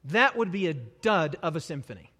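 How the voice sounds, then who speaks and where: A male preacher giving a sermon to a live congregation, animated and repetitive, dropping humorous asides. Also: a little high, moderate pace, slightly rough. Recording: long hall reverb.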